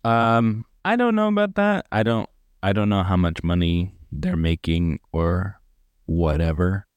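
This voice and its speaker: A man's voice: sits low, animated, a little slow, clear, resonant tone, no room sound. A man co-hosting a podcast, chatting casually and sarcastically about a movie he found goofy, rambling with fillers and mocking the characters. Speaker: podcast co-host. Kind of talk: casual movie review chat.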